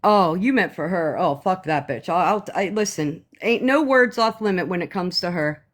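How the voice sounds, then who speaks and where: A woman on a live stream, ranting to her viewers in a heated, profane, sarcastic way, often slowing down to stress her words. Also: on the low side, lively intonation. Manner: slow emphatic pauses.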